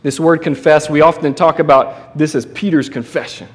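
A man's voice: fairly high pitch, moderate pace. Conversational man preaching a sermon. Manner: conversational, animated preaching with restarts and asides. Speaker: pastor.

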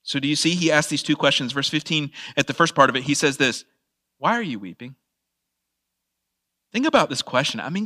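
Male pastor, slightly high bright voice, chatty sermon with rhetorical questions. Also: a little fast. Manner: conversational, laughing asides and rhetorical questions.

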